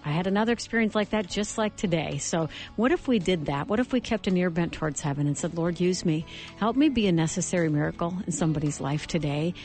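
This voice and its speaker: A woman's voice: lowish voice, expressive, a little mellow, soft background music. Earnest woman hosting Christian radio. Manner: earnest, storytelling with halting restarts. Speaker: radio show host.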